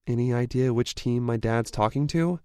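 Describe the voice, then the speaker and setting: A male audiobook narrator voicing an adult woman who is worried and fiery and swears when angry, lifting his voice slightly higher for her. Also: normal speed, mellow, clean tone, dry recording, clean studio sound, close to an everyday voice.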